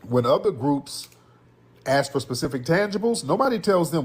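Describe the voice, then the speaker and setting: A man's voice: on the high side, very animated, normal speed, slightly rough. A man giving political commentary in an emphatic, scolding way.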